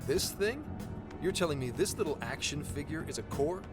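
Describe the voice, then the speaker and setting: A man plays a bewildered middle-aged detective in a video game, his voice lively and a touch raised. He keeps asking what is going on, with loud game music underneath. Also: a little high, moderate pace, lightly acted. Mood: puzzled. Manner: confused, questioning.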